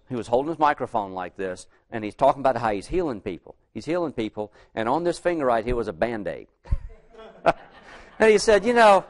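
A middle-aged man with a drawl preaches in a relaxed, conversational way. He poses questions to his listeners and slows down to read old-style scripture aloud. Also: mid-range voice. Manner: asks the congregation questions, reads King James verses slowly. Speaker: lay preacher. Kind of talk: conversational sermon with scripture reading.

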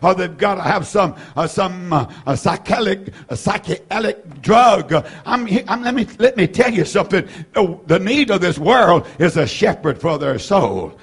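A man in his seventies preaching a fervent sermon, repeating phrases, rising to shouts and filling gaps with "uh". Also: sits high, expressive, normal speed, few pauses, slightly rough. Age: 70s. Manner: fervent, repetitive preaching with frequent "uh" fillers and shouted peaks. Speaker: pastor.

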